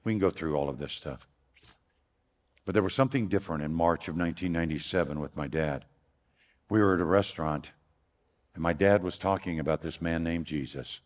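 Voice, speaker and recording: Loud, deep-voiced older man preaching. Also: a little fast, long pauses. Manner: loud, folksy and earnest. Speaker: guest preacher. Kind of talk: storytelling sermon. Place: church sanctuary. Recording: long hall reverb.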